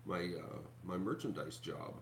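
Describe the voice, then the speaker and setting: A man with a lowish, voice chats to his viewers in a loose, rambling way, stumbling over restarts and filling gaps with ums. A faint hum sits under the recording. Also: measured pace, vocal fry. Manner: rambling, many fillers and restarts, chatty asides to viewers. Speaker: YouTube channel host. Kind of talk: casual rambling chat to viewers.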